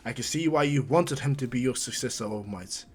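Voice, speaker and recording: A man voicing a calm, serious older male hero who speaks low, quiet and measured. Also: breathy edge, close to an everyday voice.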